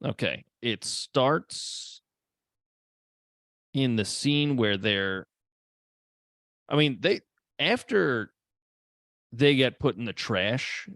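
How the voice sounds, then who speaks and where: Gravelly man on a casual podcast. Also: medium pitch, very slow, long pauses, dry recording, studio quality. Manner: animated, swears a lot, acts out characters' lines. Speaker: podcast co-host. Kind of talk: casual movie chat.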